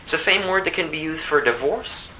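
A man giving an informal sermon, talking conversationally and acting out the people in his stories, climbing high when he stresses a point. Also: lively intonation, pushed and bright, slight background noise, low-quality recording. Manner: conversational, plays out the story characters in quick voices. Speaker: preacher.

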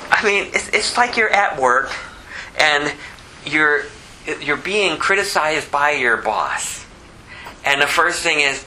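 A man preaching a conversational sermon, asking rhetorical questions and dropping low to act out quotes. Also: very animated, measured pace, pushed and bright, a little hiss or hum, low-quality recording. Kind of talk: expository sermon.

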